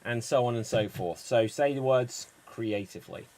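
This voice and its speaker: A man hosting an online improv comedy show, explaining the games in a brisk, upbeat way. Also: mid-range voice, darkish tone, dry recording.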